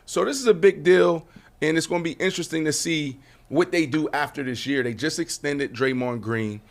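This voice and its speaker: Animated, high-voiced male podcast host. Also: moderate pace, creaky. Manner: animated, swearing, laughing at trolls. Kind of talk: casual sports talk.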